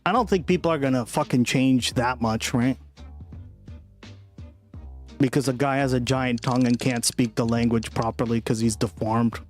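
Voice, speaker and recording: A man's voice: mid-range voice, fairly even intonation, normal speed, soft background music. Profane, rambling young man streamer. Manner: casual, profane, rambling with frequent "right?". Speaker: political livestream host. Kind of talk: casual livestream chat with viewers.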